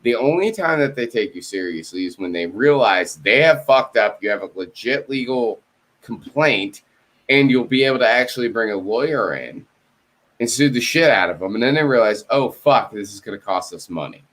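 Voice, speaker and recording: A man's voice: medium pitch, lively intonation, normal speed, a bit bright. A man in a casual video-call chat, telling a story with lots of swearing and acting out both sides of phone calls. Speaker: co-host.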